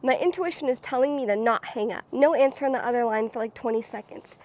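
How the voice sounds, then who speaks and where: A young woman telling a personal story on her vlog in an animated, dramatic way, full of "like"s. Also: on the high side, fast talker. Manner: animated, dramatic, many filler "like"s. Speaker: vlogger. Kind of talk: casual storytime.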